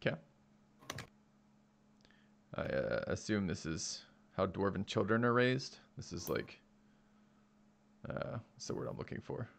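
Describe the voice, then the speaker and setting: Gravelly-voiced man joking at the game table. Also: lowish voice, sing-song, unhurried, pauses often, a little hiss or hum. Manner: joking, rambling with many fillers. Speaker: player. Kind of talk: casual tabletop game chat.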